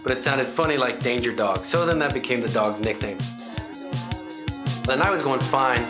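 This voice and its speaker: A man's voice: mid-range voice, normal speed, over music. A man hosting a comedy reenactment show, telling a true story in a chatty, rambling way full of asides. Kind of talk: comedic first-person storytelling.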